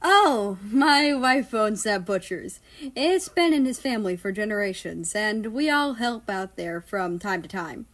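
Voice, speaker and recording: A woman's voice: medium pitch, animated, normal speed, hardly any pauses, lightly acted. A woman voicing a jovial middle-aged man who jokes heartily. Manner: joking, hearty.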